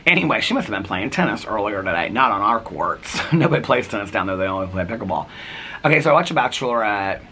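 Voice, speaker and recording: In his daily vlog from the front porch, a middle-aged man casually retells his day, quoting dialogue back and forth. He talks fast in a lowish, expressive voice that sounds pushed and bright, over slight background noise.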